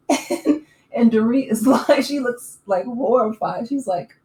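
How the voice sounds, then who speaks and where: A woman hosting a casual recap channel, chatting in an opinionated way with lots of fillers and quick laughs. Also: on the high side, a little mellow. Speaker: YouTube recap host. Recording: echoey room with faint ambient noise.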